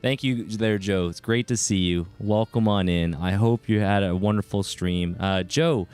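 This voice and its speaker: A man's voice: fairly low pitch, moderate pace, few pauses, a little mellow, clear, resonant tone. Sex: male. Style: upbeat live-stream chat. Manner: upbeat, greets chatters by name, chatty asides. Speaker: game streamer.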